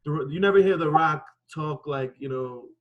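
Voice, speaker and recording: A man's voice: on the high side, normal speed, muffled recording. A man giving loose, rambling, profane feedback on a classmate's promo. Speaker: wrestling student. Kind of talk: casual critique.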